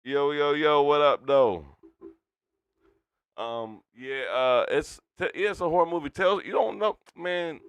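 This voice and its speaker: A man co-hosting a live stream, talking loudly and with lots of swearing, drinking tequila as he chats. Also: fairly high pitch, unhurried, smooth, no room sound. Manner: loud, profane, animated storytelling. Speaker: stream co-host. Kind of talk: casual stream chat.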